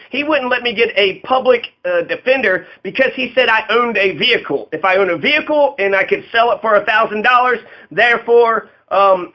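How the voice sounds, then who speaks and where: A man's voice: high voice, dull audio. A man running for office, delivering a profane, aggrieved and rambling monologue full of fillers. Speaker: political candidate. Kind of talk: angry monologue about his arrests.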